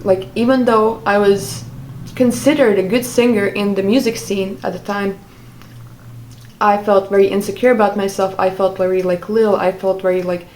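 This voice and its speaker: A woman's voice: mid-range voice, fairly even intonation, moderate pace, darkish tone, slight background noise, poor audio. A woman telling a personal story in a vlog, talking hesitantly with many fillers and restarts. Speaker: vlogger.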